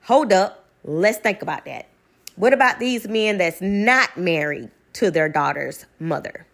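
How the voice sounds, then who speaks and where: A woman speaking in a casual storytelling monologue, emphatic and animated, and she repeats her points for stress. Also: a little high, moderate pace. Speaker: vlogger; caregiver in medical field.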